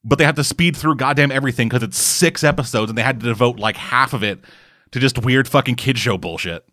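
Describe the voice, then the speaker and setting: A man co-hosting a casual podcast, ranting with heavy swearing in an animated way. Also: medium pitch, fairly quick, no echo, studio quality. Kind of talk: casual chat.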